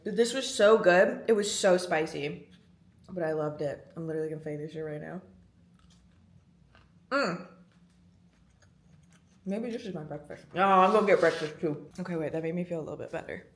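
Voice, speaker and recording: This vlogger is a young woman in her twenties with a low voice who speaks at normal speed but takes long pauses. Her storytelling is casual and lively, packed with slang, swearing, and laughing.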